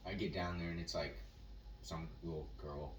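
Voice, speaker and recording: A man co-hosting a casual podcast, telling an animated, profane story and acting out what people said. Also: low-pitched, normal speed. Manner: animated storyteller, acts out quotes, swears. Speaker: podcast co-host. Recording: echoey room, mic at a distance, faint noise.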